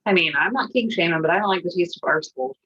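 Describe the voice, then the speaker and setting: A woman guest in casual chat, animated and quick with crude jokes. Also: on the low side, a little hiss or hum. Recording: dull lo-fi call audio.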